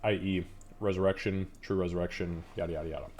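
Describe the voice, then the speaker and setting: Swearing, animated man game master. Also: sits low, fast talker. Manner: animated and profane, swears freely. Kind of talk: narrating a tabletop game live.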